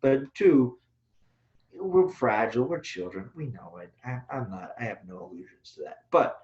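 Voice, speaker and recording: A man rants bluntly and profanely, his pitch swinging up and down. The recording sounds muffled and lo-fi, and it carries a roomy echo. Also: moderate pace. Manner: blunt, profane, animated ranting. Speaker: co-host, Taoist teacher. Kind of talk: casual discussion. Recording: echoey room, dull lo-fi sound.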